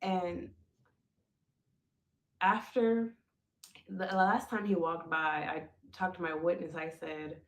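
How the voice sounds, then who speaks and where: Animated woman telling her story, gravelly edge. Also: fairly low pitch, slow, long pauses. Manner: animated, addresses listeners as folks, acts out quoted lines. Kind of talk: emotional personal storytelling. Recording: roomy echo.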